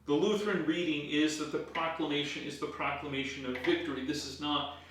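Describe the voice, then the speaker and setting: A man's voice: a little high, steady tone, fairly quick, a bit bright, slight background noise. A man, a pastor leading a Bible study in a church, teaching emphatically and asking his listeners rhetorical questions. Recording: very echoey room, voice far from the mic.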